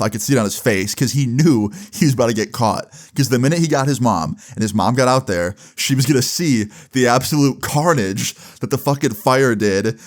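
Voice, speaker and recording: Young male vlogger, casual storyteller, swears freely, mid-pitched. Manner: casual, profane, lots of fillers. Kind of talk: storytime vlog.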